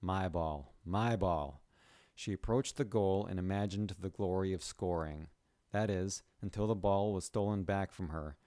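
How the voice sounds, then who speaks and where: A man with a notably low voice narrates a short story in a plain, steady reading. The recording is dry and close, with no room sound at all. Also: moderate pace, dry recording. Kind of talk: scripted narration.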